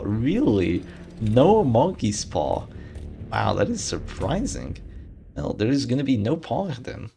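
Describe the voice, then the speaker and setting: A man's voice: on the low side, very animated, a little slow, vocal fry, a little mellow, a little hiss or hum. A man casting a game tournament live in casual play-by-play, bantering with and answering his live chat. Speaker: tournament caster. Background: game music.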